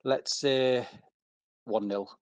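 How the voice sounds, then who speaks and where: A man chatting on a podcast, earnest and halting, often restarting his words. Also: mid-range voice, steady tone, darkish tone, clear, resonant tone, no echo. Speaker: podcast regular. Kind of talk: casual chat.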